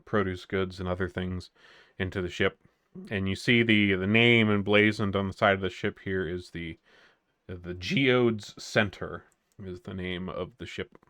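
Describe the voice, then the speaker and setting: Low-voiced man narrating a tabletop game. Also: fairly bright tone, no echo, studio quality. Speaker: game master.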